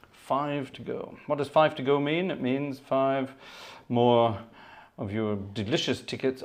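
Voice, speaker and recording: A man hosting a live organ music stream, chatting casually with viewers, thanking them by name and telling a long anecdote. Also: medium pitch. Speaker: organist and livestream host. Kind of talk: casual chat. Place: at home.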